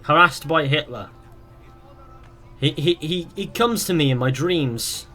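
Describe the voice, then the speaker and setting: A man's voice: fairly high pitch, measured pace, sharp tone. A young man streaming a game live, chatting casually and reading viewers' questions aloud before rambling through his answers. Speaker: gaming streamer.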